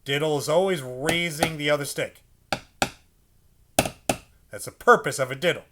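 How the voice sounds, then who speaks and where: In a very noisy recording, a man with a fairly high voice teaches a percussion lesson at normal speed. He patiently breaks down a drum pattern, speaking the syllables out loud and repeatedly asking "okay?"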